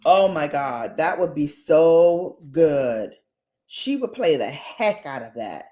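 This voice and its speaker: A woman's voice: lowish voice, sing-song, slow, long pauses, a little mellow. A woman vlogger in casual, gossipy chat, talking straight to her viewers with playful asides. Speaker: beauty vlogger.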